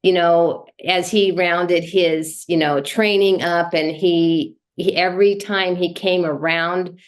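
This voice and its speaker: A woman shares her reactions in a casual team meeting. Her speech rambles with frequent fillers, and her voice sits on the low side. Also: fairly even intonation, slow pace. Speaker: meeting participant. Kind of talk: casual chat.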